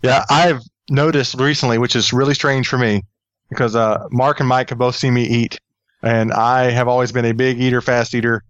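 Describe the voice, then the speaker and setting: A man's voice: mid-range voice, steady tone, moderate pace, no echo, highs cut off. A man hosting a casual chat who laughs often and keeps an easygoing manner.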